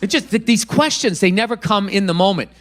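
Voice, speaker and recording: High, bright-voiced ranting comedian man. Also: animated, fairly quick. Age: 50s. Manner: profane, exasperated ranting. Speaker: stand-up comedian. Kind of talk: stand-up comedy routine.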